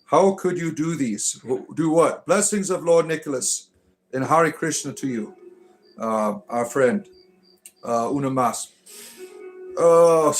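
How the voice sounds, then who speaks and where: A man's voice: fairly high pitch, slow, long pauses, faint music behind. A middle-aged man hosting a casual livestream, answering chat with irreverent jokes and mock-preachy asides.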